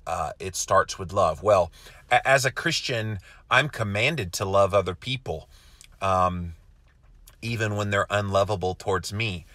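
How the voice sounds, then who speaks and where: Middle-aged Southern US man, earnest folksy live-stream host, low-pitched, dry close sound. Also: fairly bright tone, no echo. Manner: earnest, folksy, hums filler syllables while reading. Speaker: host reading viewer comments. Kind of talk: casual live-stream chat.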